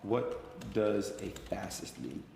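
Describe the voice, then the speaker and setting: A man's voice: on the low side, lively intonation, slow, vocal fry. A man stumbling while reading aloud, swearing and saying bro. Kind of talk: casual on-stream chat. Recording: echoey room with faint noise.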